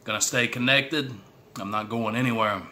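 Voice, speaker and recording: A man's voice: mid-range voice, steady tone, moderate pace, pushed and bright. A middle-aged man from Texas with a Southern accent, chatting casually to the camera in a folksy way and hyping himself up. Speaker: YouTube creator. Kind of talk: casual eating challenge vlog.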